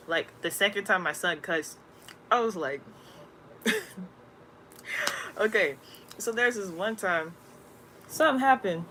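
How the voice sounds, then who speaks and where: A woman talking loosely about spirituality, slangy and rambling. She tells stories with animation over a faint hiss behind her, at a mid pitch for her sex. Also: fairly bright tone. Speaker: spiritual content creator. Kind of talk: casual spiritual talk.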